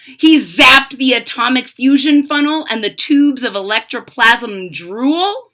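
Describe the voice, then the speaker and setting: A young woman reading a children's picture book aloud expressively, pausing to explain the pictures. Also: high-pitched. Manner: expressive storytelling with explanatory asides. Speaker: storybook reader.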